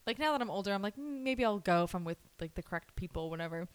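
A woman's voice: mid-range voice, expressive, quick pace, clear, resonant tone, no echo. A young woman, co-hosting a casual chat, laughing often as she tells stories. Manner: giggly, chatty storyteller. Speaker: podcast co-host.

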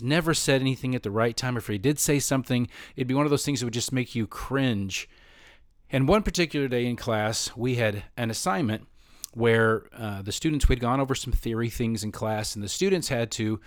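A man's voice: mid-range voice, moderate pace, dry recording, clean studio sound. A man who teaches middle school choir, casually telling personal stories with frequent restarts and self-corrections. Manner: rambling, self-correcting, animated when quoting others. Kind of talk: personal storytelling.

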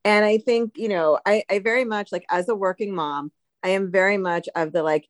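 A woman co-hosting a podcast, discussing a TV episode in casual chat, measured and thoughtful, with many "like" fillers. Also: medium pitch, no room sound, studio quality. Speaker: podcast co-host.

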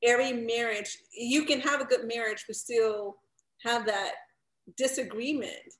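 Co-host, woman, fairly high voice, reflective and chatty, echoey room. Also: steady tone, a little slow. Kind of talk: casual chat.

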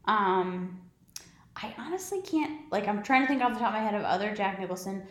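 A woman's voice: mid-range voice, expressive, a little fast. A woman co-hosting a podcast, chatting casually and rambling about movies, swearing now and then. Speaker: podcast co-host. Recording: roomy echo.

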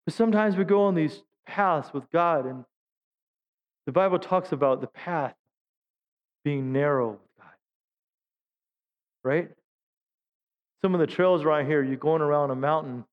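A middle-aged man preaching a sermon as a pastor, telling humorous stories and acting out quotes in high voices. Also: unhurried, long pauses, in a large hall, dull audio. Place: church sanctuary.

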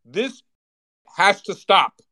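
Middle-aged guy ranting hard in an audio room, kinda high voice, swearing and getting louder. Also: big pitch swings, very slow. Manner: escalating, profane, shouting indignation; laughs while reading, restarts. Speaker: speaker in a live audio room. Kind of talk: impassioned rant reading a film monologue.

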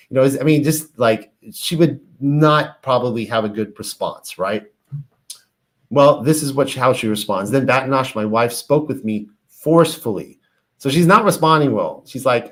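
A man's voice: mid-range voice, a little slow. A man teaching on ancient religious texts, reading passages aloud and then explaining them in a casual, filler-laden way. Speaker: bible teacher.

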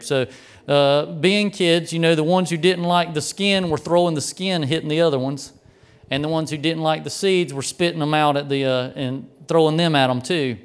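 Man, pastor, storytelling sermon, folksy humor, slightly high voice. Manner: folksy, humorous, lots of restarts and fillers.

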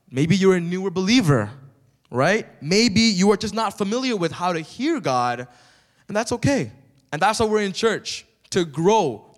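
A man preaching a sermon in church with lively energy, often turning to the congregation with questions. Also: sits high. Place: church sanctuary. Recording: long reverb of a church hall.

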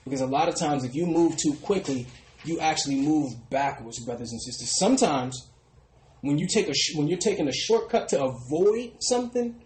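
A man's voice: fairly high pitch, animated, moderate pace, a little hiss or hum. Preaching man with a roomy echo. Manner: ends phrases with a dropping, quiet "brothers and sisters". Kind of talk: street sermon.

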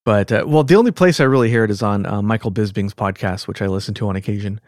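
A man with a Californian accent hosting a podcast in casual chat, rambling and quick to laugh. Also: on the low side, no room sound, studio quality. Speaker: podcast host.

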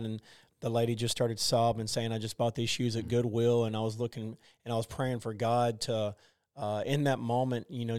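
A man in his forties sharing thoughts in a casual faith discussion, talking haltingly with many fillers and restarts. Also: mid-range voice, clear, resonant tone, dry recording, studio quality. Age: 40s. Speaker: group discussion member.

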